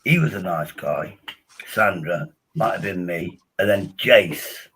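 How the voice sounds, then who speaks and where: A man hosts a casual livestream. His voice is low and husky, with a bright, forceful edge. He rambles, restarts often and tells crude jokes. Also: animated, takes it slowly, poor audio. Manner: rambling, restarts a lot, bawdy humour. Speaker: livestream host.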